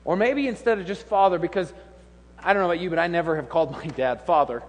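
A man's voice: fairly high pitch, fast talker. A man in his thirties preaching a humorous, conversational sermon with laughing asides. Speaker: pastor. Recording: long hall reverb.

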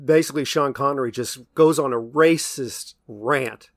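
A man's voice: mid-range voice, moderate pace. A man co-hosting a podcast, chiming in briefly and agreeably with firm opinions about movies. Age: young adult to middle-aged, a parent. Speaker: podcast co-host. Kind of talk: casual film review chat.

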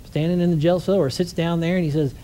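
A man preaching a conversational sermon, telling stories with lively energy and asking the congregation rhetorical questions. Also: on the high side, fast.

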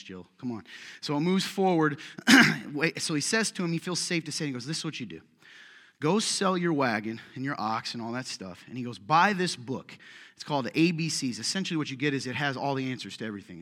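A man's voice: medium pitch, pushed and bright. A man preaching a casual sermon, telling a story and joking with his congregation. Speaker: pastor. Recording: hall reverb.

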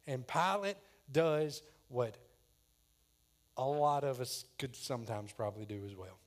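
Preacher acting out the scene. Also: male voice, medium pitch, measured pace. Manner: dramatic, acts out voices in the story. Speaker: pastor. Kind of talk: sermon.

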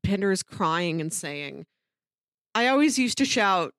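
A woman's voice: moderate pace, creaky, no echo. A woman co-hosting a podcast, chatting casually and animatedly, laughing often. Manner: animated, laughs often, wide pitch swings. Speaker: podcast co-host. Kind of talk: casual discussion.

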